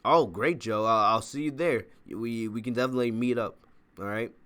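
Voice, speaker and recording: A man's voice: medium pitch, moderate pace, a bit bright. A man hosting a wrestling review channel, talking in a casual, rambling way and often checking in with "all right?".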